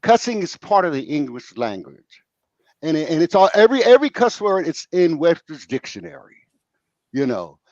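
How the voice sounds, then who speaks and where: A man's voice: fairly high pitch, sing-song, normal speed, a little mellow, dry recording. Dull, dry-sounding male storyteller host. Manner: storytelling, acts out quotes, swears freely. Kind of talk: casual chat and storytelling.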